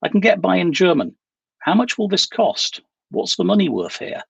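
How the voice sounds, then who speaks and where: A man's voice: high voice, very animated, normal speed, vocal fry, husky, no room sound, voice pushed up, exaggerated voice. A man reading a novel aloud voices a wary, cross young woman on the run, with clipped replies.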